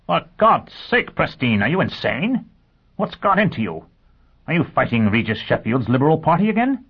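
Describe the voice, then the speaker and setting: A man voicing a forceful, impatient male intelligence chief who barks in a raised voice, in an audiobook reading. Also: lowish voice, expressive, normal speed, voice pushed up. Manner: barking, raised voice. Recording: tinny phone-like audio.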